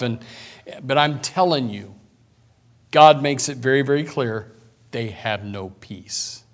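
A man preaching a sermon as pastor, swinging from quiet asides to loud bursts and reading scripture slowly. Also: medium pitch.

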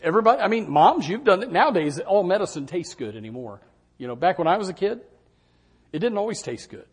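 An older male preacher delivering a sermon with a husky voice. His pitch swings widely as he preaches. He often jumps up to play the doubters in his congregation. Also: quick pace. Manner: animated, acts out congregants' doubts in raised voices.

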